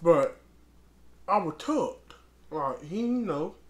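A woman's voice: fairly low pitch, animated, takes it slowly, a little mellow. A transgender woman telling a storytime vlog in a blunt, profane, rambling way, calling her listener girl. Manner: rambling with many restarts. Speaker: vlogger.

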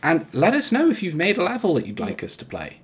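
A man's voice: high voice, huge pitch swings, fast talker. A man co-hosting a casual let's-play, chatty and rambling with playful sarcasm. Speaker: co-host of a gaming channel.

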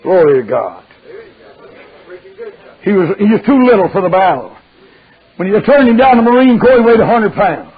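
An older man preaching a fiery sermon, drawling through stories and breaking into shouts. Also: sits high, animated, moderate pace, pauses often. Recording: dull lo-fi recording.

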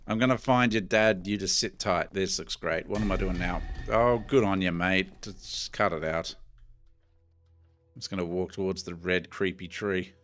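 Aussie bloke doing horror game commentary, lowish voice, jumpy and chatty, faint music behind. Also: male voice, steady tone, normal speed, a bit bright. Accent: Australian. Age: middle-aged. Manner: jumpy, chatty, swears mildly, talks to viewers as "boys". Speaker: gaming YouTuber.

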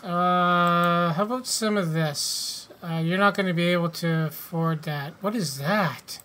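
A man's voice: sits high, a little slow, sharp tone. A man hosting a casual let's-play, joking, swearing and reading game text aloud. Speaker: gaming channel host.

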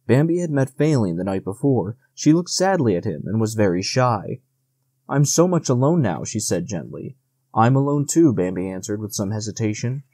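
A man narrates a classic storybook in a calm, measured way, his voice mellow and warm. The recording is dry and close with no room sound. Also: medium pitch, no room sound. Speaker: audiobook narrator. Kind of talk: scripted narration.

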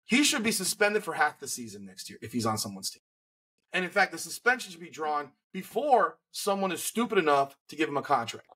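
A man's voice: on the high side, sing-song, brisk, sharp tone, breathy edge. A man hosting a casual sports podcast, giving blunt, heated opinions. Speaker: podcast host.

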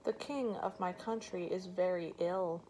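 Brief: grumpy storybook shark, cross and pushy, slow-paced with gravelly edges as a woman reader puts him on. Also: on the low side, darkish tone, a little hiss or hum, low-quality recording. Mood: casual. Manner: cross and impatient. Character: scheming, impatient male shark.

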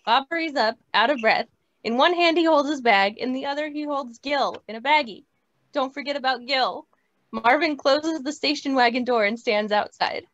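A woman reading stage directions at a script table read, in a plain, steady way, over a video call. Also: sits high, normal speed. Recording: dry, muffled lo-fi audio.

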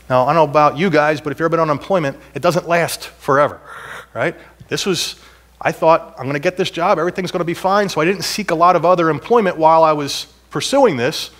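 A middle-aged man preaches a sermon in a church, telling stories from his own life. His delivery is conversational and self-deprecating, and it rises into emphatic, repeated points. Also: mid-range voice. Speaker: pastor. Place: church sanctuary.

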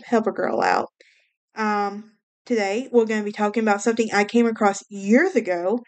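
A woman's voice: medium pitch, fairly even intonation, fairly quick. A woman from Alabama with a Southern US accent, hosting a casual solo podcast in a chatty, rambling way with wry asides and a mild speech impediment. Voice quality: self-described speech impediment. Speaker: podcast host.

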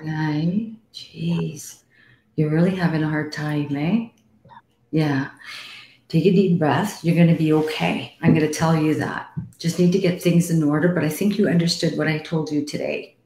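A woman's voice: sits low, steady tone, normal speed, warm tone. A middle-aged woman hosting a live call-in psychic reading show, talking bluntly and frankly, swearing freely and calling callers sweetie. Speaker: psychic medium host. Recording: roomy echo.

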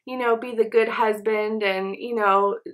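A young woman films a casual get-ready-with-me video indoors at home, chatting as she applies makeup. She rambles, leaning on fillers such as "um" and "you know," in a medium-pitched, somewhat bright voice with fairly even intonation and an unhurried pace. She's a beauty vlogger.

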